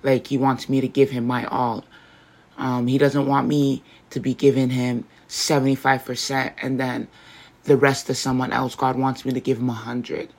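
A woman's voice: rumbling low, flat delivery, normal speed, a little mellow. Earnest woman hosting a faith podcast. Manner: earnest, rambling, self-correcting. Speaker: podcast host.

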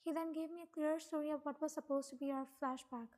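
A woman's voice: sits high, steady tone, fast talker, darkish tone, big-room sound. A young woman narrating a dramatic first-person story.

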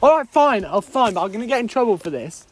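A man's voice: very high voice, very animated, fast talker. A man co-hosting a comedy podcast, bantering playfully and giggling while making silly noises. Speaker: podcast co-host.

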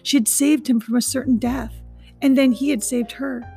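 A woman narrating a children's storybook aloud in a soft, gentle and steady manner. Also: high voice, normal speed, gravelly, soft background music. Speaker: audiobook reader.

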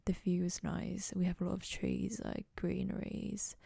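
Whispering in a lowish, creaky, warm voice with a breathy edge, a young woman speaks monotone at a measured pace. She's hosting a casual solo podcast from her dorm, rambling in a goofy, self-mocking way, in a dry, clean studio recording.

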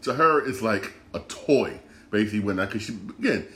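A man's voice: on the low side, lively intonation, a little fast, few pauses, fairly bright tone, roomy sound. A man hosting a sports podcast, ranting in a frustrated, repetitive way and stumbling over his words. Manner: frustrated, repetitive, stammering restarts. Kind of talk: casual sports rant.

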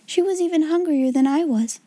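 A bright, earnest little girl with a lifted, soft voice, as a woman reader puts her on. She speaks politely and eagerly, close and dry to the mic, with a mellow tone. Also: high voice, fairly quick, no room sound, voice pushed up, close to an everyday voice.

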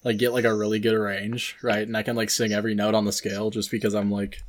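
A man's voice: on the low side, little pitch movement, fast talker, a little hiss or hum. Young man rambling on a casual podcast. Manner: rambling, filler-heavy, musing. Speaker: podcast co-host. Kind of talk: casual chat.

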